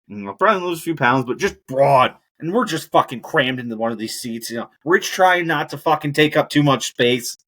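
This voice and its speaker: A man's voice: medium pitch, expressive, a little fast, hardly any pauses, fairly bright tone. A man hosting a podcast, ranting casually and profanely about air travel and movies. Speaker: podcast host. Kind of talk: casual monologue.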